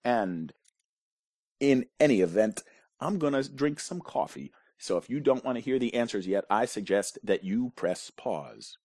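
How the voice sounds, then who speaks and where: A man's voice: mid-range voice, animated, unhurried, a little mellow, no room sound. A man hosting a trivia quiz, reading questions and answers in a casual way with wry asides. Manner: wry asides, dry jokes between questions. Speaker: pub quiz host.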